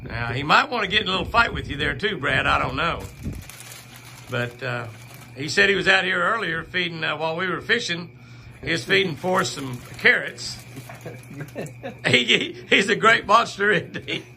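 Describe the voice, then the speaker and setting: A man's voice: high voice, expressive, moderate pace, gravelly, pushed and bright, slight background noise. A man hosting an outdoor ranch vlog, chatting easily, laughing often and cooing at the deer he feeds. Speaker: ranch owner and channel host. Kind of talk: casual outdoor vlog narration.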